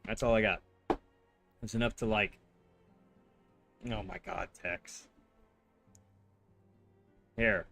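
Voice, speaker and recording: A man's voice: on the low side, steady tone, takes it slowly, gravelly, pauses often, over music. A man streaming a game, chatting casually, teasing his chat and laughing often. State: yawning, a little dry-mouthed. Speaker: livestreamer playing a game. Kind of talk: casual gameplay commentary.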